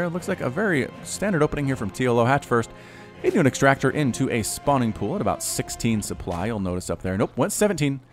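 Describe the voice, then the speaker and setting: Animated male game caster. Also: medium pitch. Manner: excitable, jumps to shouts at big plays. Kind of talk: live strategy game commentary.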